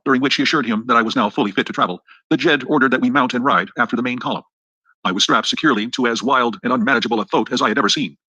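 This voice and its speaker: A man reading an adventure novel aloud as an audiobook narrator, with brisk, even storytelling. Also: medium pitch, slightly rough, dry recording, low-quality recording. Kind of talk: scripted narration.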